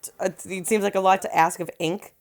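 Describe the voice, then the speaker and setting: A woman's voice: mid-range voice, steady tone, a little fast. A woman co-hosting a casual movie review, teasing dryly while watching the film. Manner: dry, teasing.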